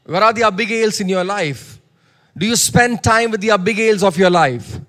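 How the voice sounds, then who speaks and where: High-voiced, emphatic male preacher. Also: normal speed, a bit bright. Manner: emphatic, repeats lines, calls for audience response. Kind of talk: sermon.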